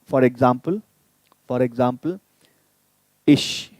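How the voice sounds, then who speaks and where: A man teaching German in a live online lesson, repeating each sound slowly so viewers can copy it and inviting them to type in questions. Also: mid-range voice, darkish tone, no room sound. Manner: addresses viewers directly, inviting typed questions.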